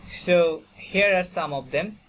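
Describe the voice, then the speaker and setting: This online language lesson comes from a Bangladeshi man whose fairly bright voice sits high and moves slowly. Teaching French by video call with slight background noise, he patiently repeats words for students and sprinkles in "you know" and "okay."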